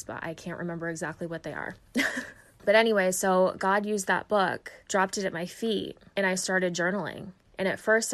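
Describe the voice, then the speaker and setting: A woman with a slightly lower voice tells her faith testimony in an earnest, heartfelt way. She talks conversationally, with fillers and restarts, and sometimes sounds emotional. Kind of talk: personal testimony, casual storytelling.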